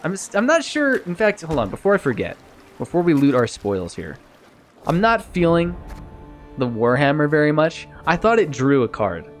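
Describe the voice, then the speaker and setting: A man streaming a video game, thinking aloud in a casual, self-mocking way and getting easily excited. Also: on the high side, moderate pace, faint music behind. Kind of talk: casual let's-play commentary.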